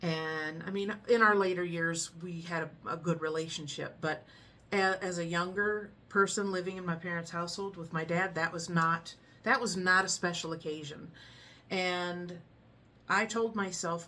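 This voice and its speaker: A middle-aged woman tells a story in a loose, chatty way, laughing often and keeping a calm, frank tone. Her voice is bright and a little on the low side. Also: moderate pace. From United States. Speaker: vlogger. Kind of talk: casual storytelling chat.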